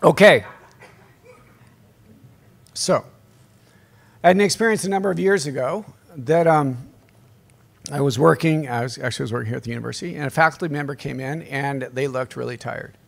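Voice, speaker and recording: A middle-aged priest gives a conference talk to a live audience, telling stories with humor and calling out to the crowd in a conversational way. His mid-range voice is gravelly, moving at normal speed with long pauses.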